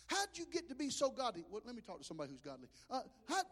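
A high-pitched Southern preacher from Alabama tells his sermon stories in an animated way, stumbling over restarts. His voice rings out with a long church-hall reverb. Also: fast, few pauses. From Mobile, Alabama. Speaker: pastor. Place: church sanctuary.

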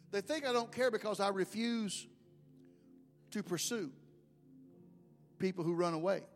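A man's voice: high-pitched, a little slow, pauses often. A man preaching a sermon as pastor, telling folksy stories with emphasis. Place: church sanctuary. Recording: long hall reverb, faint music.

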